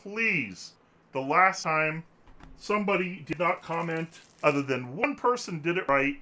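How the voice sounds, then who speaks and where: Animated, bright-voiced male podcast host. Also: a little high, unhurried, slight background noise. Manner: joking, rambling, laughs often. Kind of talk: casual podcast chat. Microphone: desk microphone.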